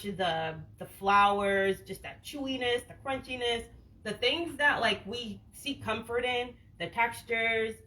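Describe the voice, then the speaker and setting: Hosting a casual wellness livestream, a Boston woman answers viewer comments frankly and with plenty of slang, lots of "like," and the occasional swear. Her accent is Boston, but without the stereotypical broad vowels. Her mid-range voice has a fairly bright tone, and the recording quality is low.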